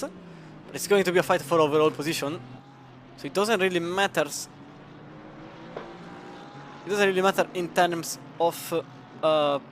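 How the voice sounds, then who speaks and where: A man's voice: a little high, fairly bright tone, a little hiss or hum. A man with an Italian accent commenting live on a sim racing endurance event. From Italy. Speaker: race commentator.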